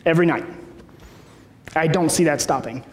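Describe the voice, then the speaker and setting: Preaching at a normal speed in a fairly high voice, a man in his thirties delivers a conversational sermon and regularly checks in with his listeners. He's a pastor recorded in an echoey hall, with a little hiss or hum audible.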